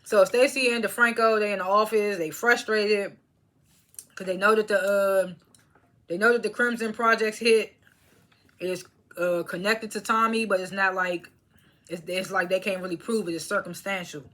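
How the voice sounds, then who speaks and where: Bright-voiced woman chatting through a recap. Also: medium pitch, fairly even intonation, normal speed. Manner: chatty, laughs often, strings thoughts with fillers; talks while chewing snacks. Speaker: TV episode reviewer. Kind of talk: casual recap monologue.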